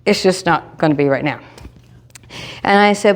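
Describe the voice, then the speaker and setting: Woman presenter, animated storyteller who plays every part of the dialogue herself. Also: normal speed. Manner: lively, acts out dialogue with big pitch jumps. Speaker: presenter sharing a testimony. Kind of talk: animated storytelling to a live group.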